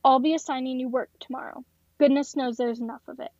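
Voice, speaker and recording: A weary head accountant who pops her gum between orders, put on by a woman running the game. The voice sits high, and the recording is dull and dry. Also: steady tone, fast talker, a little mellow, no echo. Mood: brisk. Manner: weary, exasperated. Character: brisk gum-popping female office boss.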